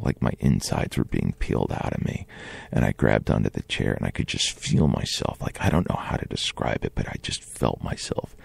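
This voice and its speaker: A man's voice: extremely low pitch, creaky, a little mellow, breathy edge, no room sound. A man telling a personal story in an earnest, conversational way, often restarting his sentences. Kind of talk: first-person storytelling monologue.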